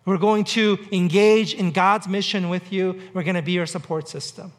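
A man's voice: high voice, fairly even intonation, normal speed. A man preaching a sermon in a conversational way, with repetition and dry humor. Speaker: pastor. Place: church on Mercer Island.

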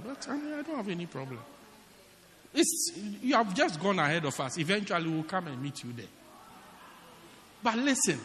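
A man's voice: sits high, fairly bright tone, big-room sound. A man preaching a sermon as pastor, in a teasing, joking, conversational way.

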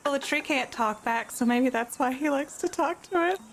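Brief: woman player, slightly high voice, excitable and giggly, faint noise behind. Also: moderate pace. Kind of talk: casual game chat.

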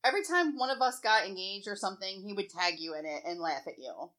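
A woman's voice: mid-range voice, expressive, fast talker, a bit bright. A woman in casual chat, frank and supportive, offering her view.

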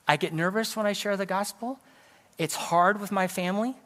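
Speaking at normal speed in a high-pitched, somewhat bright voice, a middle-aged evangelist from California gives a sermon in a church sanctuary that sounds like a large hall. He relates a personal story in a conversational way, with self-deprecating jokes.

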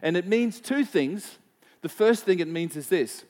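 A man with a high voice and a darkish tone preaches unhurriedly, his intonation lively. Speaking as a pastor in a conversational style, he recounts personal stories and questions the congregation, with frequent repetition and filler words.

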